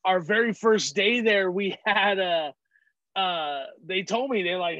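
A comedian from California telling stories as an interview guest. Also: male voice, sits high, a little slow, a bit bright, no echo, highs cut off. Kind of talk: casual interview chat.

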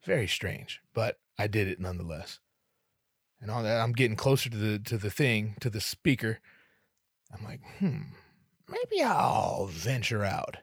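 A man hosting a solo comedy podcast, telling a rambling, profane, self-deprecating story, his voice jumping up in sudden animated bursts. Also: on the low side, moderate pace, breathy edge, no room sound, clean studio sound. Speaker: podcast host.

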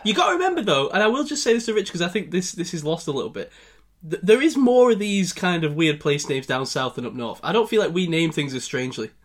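A man's voice: sits high, very animated, fast. A man playing a pronunciation quiz, laughing often and mocking his own guesses. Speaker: quiz contestant. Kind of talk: casual game chat.

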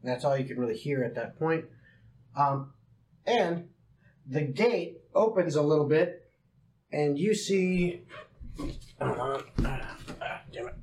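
A man narrating as game master in a casual, halting way, recorded in an echoey room with faint noise. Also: fairly high pitch, lively intonation, darkish tone.

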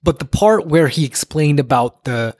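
Male podcast co-host, relaxed chatty delivery, dry recording. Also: fairly high pitch, normal speed, dry recording. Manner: relaxed, chatty, many fillers like "like". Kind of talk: casual chat.

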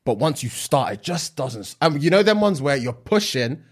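Young man, casual chat, lively pitch. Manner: relaxed, laughs along, quick interjections.

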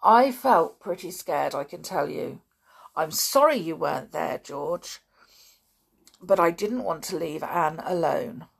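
Woman narrator as level-headed older boy, steady and reassuring, a creaky edge. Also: deep voice, slow, full character voice. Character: sensible older schoolboy leader.

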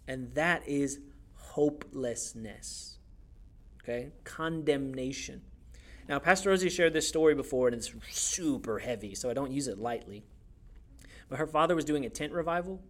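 A young man preaching a sermon in a church, conversational and animated, acting out quotes as he goes. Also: a little high. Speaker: youth pastor.

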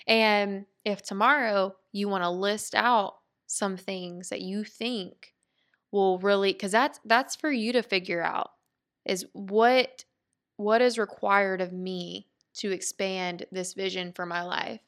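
A woman's voice: medium pitch, steady tone, slow pace, a bit bright. A woman hosting a podcast, talking in an earnest, heartfelt way and thinking aloud with restarts. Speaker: podcast host. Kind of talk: reflective motivational monologue.

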